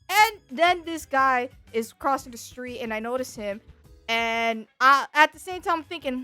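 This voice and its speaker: A young woman streamer telling a story in a casual chat, animated and exasperated, full of fillers and restarts. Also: high-pitched, unhurried, dry recording, faint music behind. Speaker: VTuber streamer.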